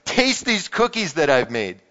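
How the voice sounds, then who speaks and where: A man's voice: a little high, sing-song, measured pace, bright, forceful tone, heavily acted. A man reading as an eager storybook toad. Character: excitable greedy toad, male storybook character. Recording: muffled sound in a reverberant hall.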